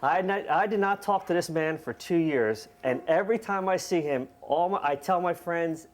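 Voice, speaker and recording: A man telling a funny personal story on stage at a live storytelling event, casual and self-mocking, laughing as he goes and acting out the dialogue. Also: fairly high pitch. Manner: acts out dialogue with quick voice shifts.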